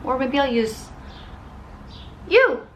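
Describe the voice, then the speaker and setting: A young woman in her twenties vlogs casually into a phone camera. Her delivery is bubbly and excitable, thick with casual filler, at a mid-range pitch for a woman. When she reads aloud from a book, she settles into a steadier tone. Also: normal speed, a little hiss or hum. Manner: bubbly and excitable, heavy on filler words like "dude" and "like". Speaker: lifestyle vlogger. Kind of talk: casual chatty vlog.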